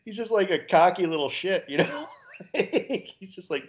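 A man's voice: high-pitched, sing-song, a little slow. A man co-hosting a podcast in casual chat, laughing often as he spins theories in loose, profane talk. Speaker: podcast co-host. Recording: dull lo-fi recording.

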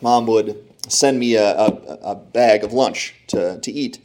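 A man preaching a humorous sermon, telling animated, self-deprecating stories. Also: lowish voice, a little slow.

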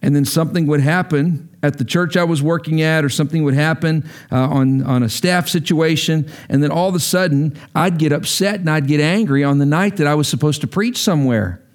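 An earnest middle-aged pastor delivers a sermon in a slightly higher-than-average male voice. He preaches with emphasis and climbs sharply in force when stirred. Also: fairly quick, few pauses.

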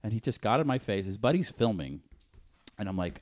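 A man's voice: on the low side, brisk. A man co-hosting a loose, casual podcast, with a voice that leaps up and down as he tells a story. He acts out every line of dialogue and curses freely along the way. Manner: animated storyteller, acts out quotes, swears freely. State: says he was hungover. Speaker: podcast co-host. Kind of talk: casual chat.

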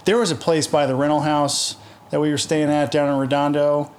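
A man's voice: fairly high pitch, flat delivery, a little fast, a little mellow. Laid-back man with a mild Southern accent. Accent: Southern American, mild. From American South. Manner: rambling, jokey storytelling. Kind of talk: casual chat.

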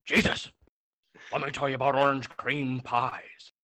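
A man's voice: mid-range voice, flat delivery, measured pace, bright, forceful tone. A man voicing a crude, foul-mouthed male character with a brash, swaggering, lewd way of talking. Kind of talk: comedic improv on a remote podcast.

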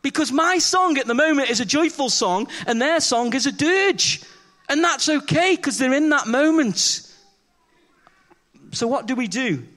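A man's voice: very high-pitched, animated, unhurried, bright, forceful tone. A man preaching a chatty, humorous sermon in church, telling self-deprecating stories and acting out the dialogue as he questions the congregation.

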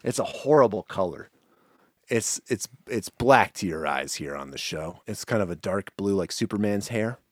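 A man's voice: on the low side, lively intonation, moderate pace, no room sound. A man co-hosting a podcast in casual chat, laid-back, cursing and groaning into a studio microphone. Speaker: podcast co-host.

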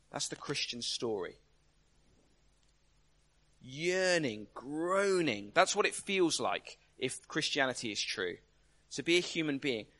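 A man's voice: on the high side, sharp tone. A man giving a conversational sermon, emphatic and full of rhetorical questions. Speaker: preacher.

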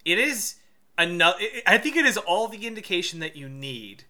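A man co-hosting a podcast, joking around and swearing freely in casual chat. His voice is very bright and sharp, pitched a little high for a man. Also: very animated, normal speed. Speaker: podcast co-host.

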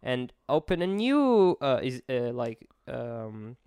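A man, co-hosting a podcast and explaining events at length with halting restarts. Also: medium pitch, sing-song, a little mellow, clean tone, no echo. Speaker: podcast co-host. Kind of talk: casual explanatory chat.

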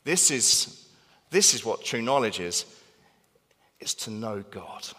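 A man preaching a sermon in a church hall, animated and emphatic, repeating phrases for stress. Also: on the low side, unhurried. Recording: long reverb of a large hall.

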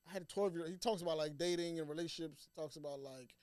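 A young man co-hosting a podcast, chatting casually in quick, slangy back-and-forth. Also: on the high side, darkish tone, no room sound, clean studio sound. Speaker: podcast co-host. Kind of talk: casual chat.

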